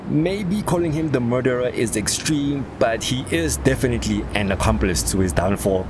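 A man's voice: mid-range voice, animated, normal speed, hardly any pauses, noisy background. A man hosting a reaction video, reading out viewer comments with wry, sardonic asides.

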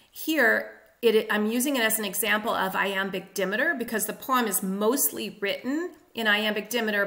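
A woman teaching literature in a clear, steady lesson, tapping out stresses with spoken beats. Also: medium pitch. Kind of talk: explanatory lesson.

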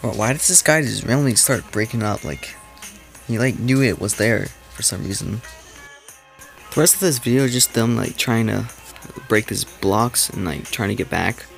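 A man's voice: on the low side, normal speed, vocal fry. A man hosting a reaction video in casual commentary, rambling and mocking, with lots of "like" fillers. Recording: background music under voice. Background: background music.

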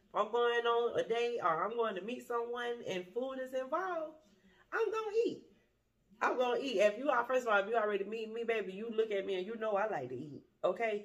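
A woman vlogger telling a dating story to her viewers in a blunt, profane, laughing way. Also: medium pitch.

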